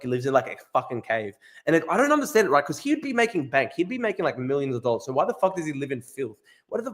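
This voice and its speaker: A man hosting a casual livestream, ranting in a profane, incredulous way and repeating himself. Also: medium pitch. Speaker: streamer host.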